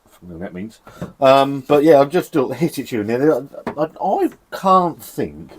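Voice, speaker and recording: A man's voice: mid-range voice, sing-song, normal speed, slight background noise. A man from England casually reviewing a beer in a cold shed, chatty and sweary, rambling with self-deprecating laughs. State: shivering from the cold.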